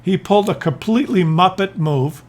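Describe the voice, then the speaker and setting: A man's voice: sits high, moderate pace, a little mellow. A man giving exasperated, incredulous commentary over a game replay. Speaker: gameplay commentator.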